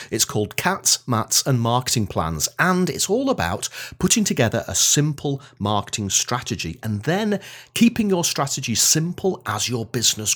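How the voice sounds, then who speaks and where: An English man hosting a podcast interview over a video call from home, chatty and lively. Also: mid-range voice. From England. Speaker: podcast host. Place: home, on a windy day.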